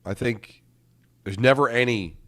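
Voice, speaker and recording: A middle-aged man co-hosting a sports talk show, laying out a measured argument with rhetorical questions. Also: medium pitch, fairly bright tone. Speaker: sports radio co-host. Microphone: studio microphone.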